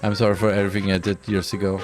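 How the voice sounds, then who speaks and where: A man's voice: fairly low pitch, little pitch movement, very fast, music in the background, pitched below the performer's own voice, close to an everyday voice. A man voicing a frightened young male wrongdoer who stammers and pleads, reading game dialogue aloud. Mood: stammering.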